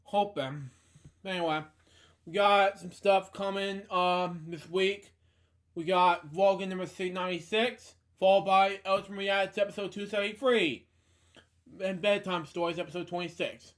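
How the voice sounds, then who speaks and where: A man with a notably high voice hosts a casual home video show. He sounds tired and yawns, rambling through upcoming episodes with plenty of fillers. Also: steady tone, moderate pace. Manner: rambling, listy delivery with frequent fillers. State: tired and yawning. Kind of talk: casual show wrap-up and announcements.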